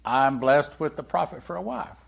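A man preaching a sermon in a conversational way, asking the congregation questions and swinging between loud and hushed delivery. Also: fairly high pitch, normal speed, vocal fry. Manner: animated, swings from loud to hushed, acts out quoted dialogue.

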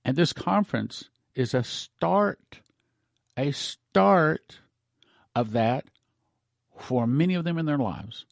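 A man's voice: fairly high pitch, expressive, takes it slowly, vocal fry, long pauses, dry recording, clean studio sound. A male pastor giving an earnest, emotional sermon message for radio over a broadcast microphone.

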